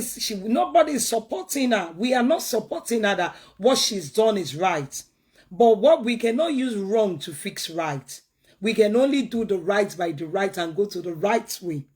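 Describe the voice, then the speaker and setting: A woman's voice: medium pitch, darkish tone, husky. Earnest woman pleading and preaching. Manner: pleading, preachy, repeats words for emphasis. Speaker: commentator giving advice. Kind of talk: earnest talk-show commentary.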